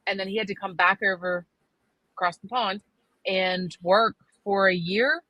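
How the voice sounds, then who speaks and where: A woman co-hosting a casual podcast, telling family stories with frequent laughs. Her voice is bright and forceful, recorded close and dry, with no room sound around it. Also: medium pitch, steady tone, unhurried, no room sound, low-quality recording. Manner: chatty storyteller, laughs often. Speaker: podcast co-host. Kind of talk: casual chat.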